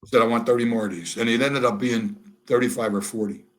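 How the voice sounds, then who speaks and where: At a quick pace and medium pitch, an older American man tells candid stories as a guest in an interview. He's animated and dryly witty, acting out both sides of each conversation.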